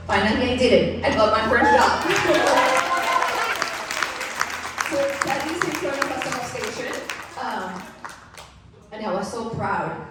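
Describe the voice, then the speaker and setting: A woman's voice: fairly high pitch, expressive, slow pace, long pauses, very noisy. A woman in her thirties giving a candid, personal storytelling speech to an event audience, often laughing and turning to the crowd with asides. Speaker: keynote speaker. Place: large event venue. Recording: echoey hall mic from far off.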